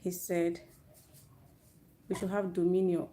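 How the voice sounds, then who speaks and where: A woman speaking to young people gives a sincere, uplifting talk about faith on a live stream through her own network. Her mellow voice sits on the low side with little pitch movement, she takes things slowly, and she keeps restarting phrases.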